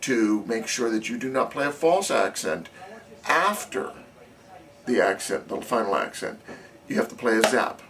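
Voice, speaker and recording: A drumline instructor with a lowish, fairly bright voice and lively intonation teaches snare drum technique at an unhurried pace. He explains things methodically and counts beats aloud in this demonstration, recorded as distant camera audio with faint noise.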